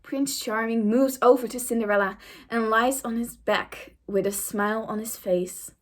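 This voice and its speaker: A woman's voice: on the high side, fairly even intonation, moderate pace. A young woman and YouTuber reading an AI-written story aloud in a casual, amused way.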